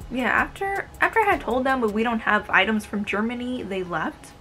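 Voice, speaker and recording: A woman's voice: a little high, big pitch swings, moderate pace, pushed and bright, faint music behind. A woman in her twenties telling stories about her retail job in a casual, exasperated, sarcastic way. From United States. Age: 20s. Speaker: vlogger telling work stories. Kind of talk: casual storytime narration.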